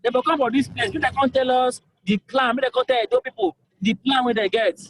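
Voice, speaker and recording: A man's voice: very high voice, lively intonation, a little fast, gravelly, a little hiss or hum, low-quality recording. A young man with a Nigerian accent, a governorship aspirant answering voters in a call-in interview, talking emphatically and repeating himself to press his points. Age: young adult. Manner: emphatic, repetitive, pleading.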